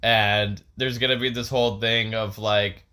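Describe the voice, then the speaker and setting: Bright-voiced, chatty man co-host. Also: on the low side, level tone, unhurried, clear, resonant tone. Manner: eager storyteller, laughs often. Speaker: podcast co-host. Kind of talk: casual chat.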